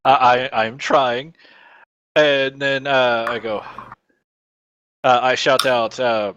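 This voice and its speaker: A man's voice: medium pitch, fairly even intonation, slow pace, long pauses, fairly bright tone, clean tone, no room sound, lo-fi sound. A man playing in a tabletop game, speaking hesitantly with many fillers. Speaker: player. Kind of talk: tabletop role-play chat.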